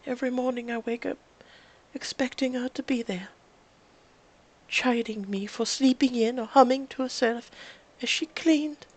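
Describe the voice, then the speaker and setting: Woman doing a soft-voiced grieving servant girl. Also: fairly high pitch, moderate pace, pauses often, pitched above the performer's own voice, lightly acted, rough recording. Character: tearful young servant girl, gentle.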